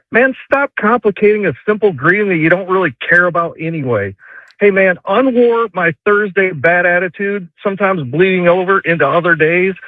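A man's voice: sits high, no room sound. A man from North Texas calling into a radio show, wry and mocking as he mimics people. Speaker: caller. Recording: tinny phone line.

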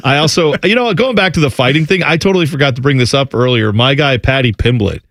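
A man hosting a sports radio show, chatting casually and playfully, quick to laugh. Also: mid-range voice, fairly bright tone, dry recording. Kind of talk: casual sports talk chat.

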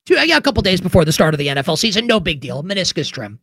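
A man hosts a sports talk radio show, his voice swinging widely in pitch as he rants with sarcasm and emphatic rhetorical questions. He is recorded close on a studio microphone in a dry, dead room. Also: sing-song, very fast, fairly bright tone, breathy edge, no room sound.

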